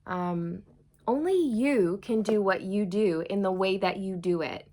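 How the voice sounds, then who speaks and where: A woman talking to camera in a chatty, animated way as she gives a channeled tarot reading to her viewers. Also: medium pitch, unhurried. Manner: chatty, animated, addresses viewers as "you guys". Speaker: tarot reader.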